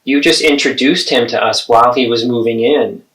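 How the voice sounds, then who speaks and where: A man's voice: mid-range voice, moderate pace, fairly bright tone. A man, therapist and host, acting out an adult child confronting a parent in a role-play, earnest and pleading.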